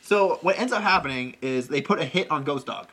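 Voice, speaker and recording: Fast, bright-voiced young man, animated. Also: on the high side, slightly rough. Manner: animated storyteller acting out scenes with many "like"s. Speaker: podcast co-host. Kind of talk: casual chat about a film.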